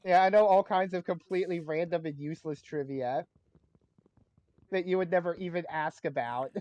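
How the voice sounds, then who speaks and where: A man's voice: fairly high pitch, normal speed, a little mellow, no room sound, muffled recording. A man chatting casually with friends while gaming, rambling through trivia and jokes. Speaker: gamer on a livestream.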